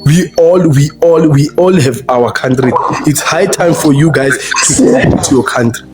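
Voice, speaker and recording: A man's voice: on the high side, normal speed, darkish tone, soft background music. A man arguing heatedly on a livestream, repeating himself and restarting his sentences. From South Africa. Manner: repetitive, confrontational, stumbling restarts. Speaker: livestream debater.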